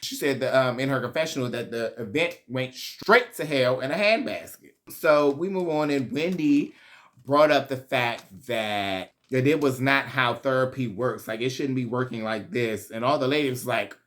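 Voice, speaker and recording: A man's voice: medium pitch, normal speed, fairly bright tone. A man hosting a casual reality TV recap, chatty, slangy and profane, laughing often.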